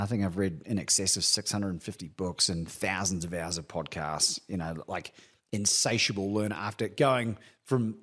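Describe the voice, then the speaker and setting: A middle-aged man, a coach speaking candidly as a guest, animated and laughing often. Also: fairly low pitch. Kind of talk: candid conversational storytelling.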